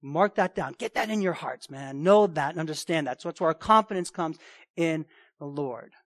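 A man preaching a sermon, emphatic, repeating key phrases and swinging between loud and hushed delivery. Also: a little high, moderate pace, no echo, studio quality. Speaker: pastor.

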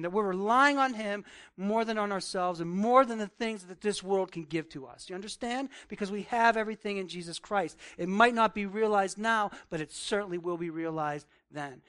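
A man's voice: sits high, a little fast, fairly bright tone, smooth. A male pastor preaching a conversational sermon, reading scripture aloud and asking the congregation direct questions. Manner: reads scripture aloud, then riffs on it.

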